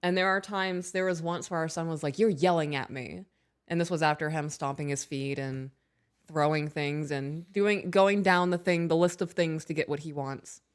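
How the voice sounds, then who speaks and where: A woman in her thirties co-hosting a casual podcast, reading aloud and telling animated stories about her kids. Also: low voice, moderate pace, smooth. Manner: animated storyteller, acts out her own raised voice. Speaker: podcast co-host.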